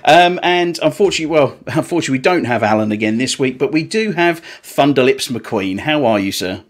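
Upbeat podcast host. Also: male voice, medium pitch, lively intonation, brisk. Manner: jokey, upbeat, bouncy. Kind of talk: casual chat.

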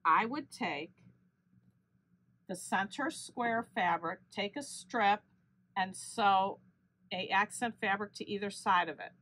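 A woman hosting a quilting channel, explaining each sewing step calmly and correcting herself now and then. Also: medium pitch, takes it slowly, pauses often. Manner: steady step-by-step explaining with small self-corrections. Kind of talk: unscripted sewing tutorial.

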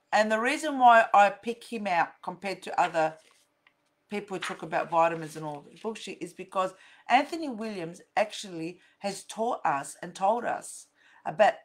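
A middle-aged woman talks straight to her viewers in a high voice. She lectures bluntly, swears often and hammers her points home by repeating them. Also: a bit bright. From Australia. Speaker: vlogger, counsellor.

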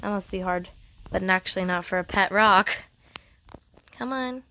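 A young woman giving casual, excited commentary while playing a game, chatting and reading the game's dialogue aloud. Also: medium pitch, moderate pace, a little hiss or hum. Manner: excited and chatty, laughs often. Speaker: gamer.

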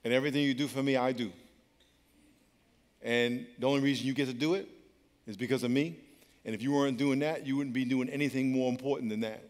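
A man voicing God as a patient, firm presence replying in a low, measured tone. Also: fairly even intonation, in a large hall, natural voice. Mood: calm firm.

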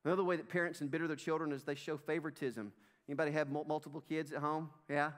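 Preaching in the church sanctuary, this middle-aged Southern US pastor talks fast in a fairly high, steady voice. He hammers his points emphatically, repeats himself, and keeps calling the congregation "folks."

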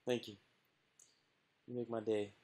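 A man's voice: fairly low pitch, little pitch movement, unhurried, darkish tone. A man talking on a livestream clip, self-pitying and pleading. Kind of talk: livestream talk played as a clip.

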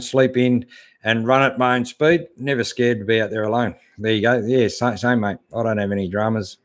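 A man's voice: medium pitch, normal speed. Laid-back Australian man answering chat. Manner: laid-back, chatty, calls everyone mate. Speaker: host answering live chat. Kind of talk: casual live-stream chat.

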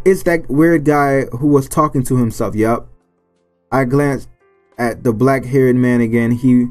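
A man hosting a gaming channel, reading a visual novel aloud with joking commentary and stumbling over character names. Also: mid-range voice. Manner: playful, stumbles over names and jokes between lines.

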